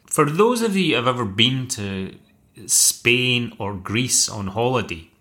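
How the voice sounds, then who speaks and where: Man, podcast host, casual recap, wry asides, stumbling restarts, middle pitch. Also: animated, a little slow, bright, forceful tone. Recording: echoey room.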